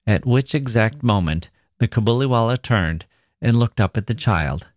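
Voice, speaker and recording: A man, a podcast host, reading a classic short story aloud in a measured storytelling manner. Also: lowish voice, no echo, studio quality. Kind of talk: literary reading.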